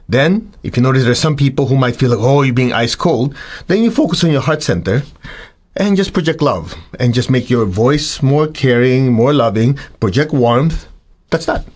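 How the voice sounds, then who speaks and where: With a husky voice at normal speed, this man talks to students about spiritual practice in an animated, chatty way. He acts out voices for his students and for himself, occasionally going high and exaggerated. Afterward he returns to a calm, mid-pitched delivery.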